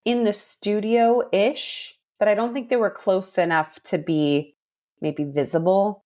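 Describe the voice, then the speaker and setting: A woman co-hosting a podcast, chatting casually and telling animated stories. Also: medium pitch, slow pace. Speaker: podcast co-host. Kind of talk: casual chat.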